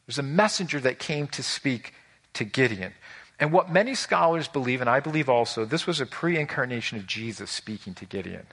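A male pastor preaching a sermon in an animated way, asking the congregation questions. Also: mid-range voice, a little fast, breathy edge.

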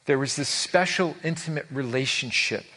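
A man's voice: medium pitch, moderate pace, bright, forceful tone, slightly rough. A man preaching a sermon to a live congregation, earnest and emphatic, rising on key words and stumbling over repeated words when moved. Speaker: pastor. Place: before a live congregation with a screen.

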